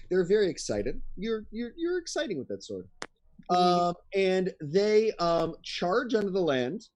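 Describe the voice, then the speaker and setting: Lively man running a tabletop game. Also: high voice, unhurried. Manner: casual, lots of fillers. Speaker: game master.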